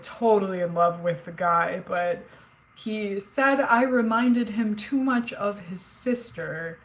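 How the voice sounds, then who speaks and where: The recording is low-quality, capturing a woman in her forties speaking at medium pitch as she livestreams from inside her home. Casual and candid with viewers and the live chat, she rambles through stories with fillers and an occasional swear.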